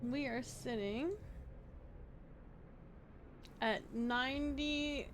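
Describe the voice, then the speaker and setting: A woman's voice: sits high, measured pace, background noise. Tired, rambling woman streamer. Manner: rambling, thinking aloud with many restarts. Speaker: livestreamer. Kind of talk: casual stream chat.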